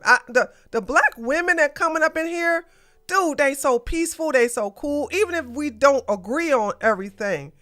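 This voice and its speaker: A woman's voice: fairly high pitch, sharp tone. A woman hosting a casual political commentary livestream, blunt and ranting, with plenty of slang. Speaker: podcast host.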